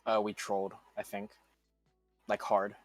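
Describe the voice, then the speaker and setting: A low-voiced man talks through a lost match in a frank, rambling way, full of fillers. His headset voice is dry and close, with faint music underneath. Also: big pitch swings, a little slow, gravelly, no room sound. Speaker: esports team player. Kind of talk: post-game interview, casual.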